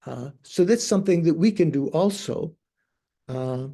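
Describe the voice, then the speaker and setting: Hesitant older monk, mellow voice. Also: male voice, on the high side, expressive, unhurried. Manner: hesitant, searching for words with many fillers. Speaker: Buddhist monk teacher. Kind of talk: anecdotal teaching talk.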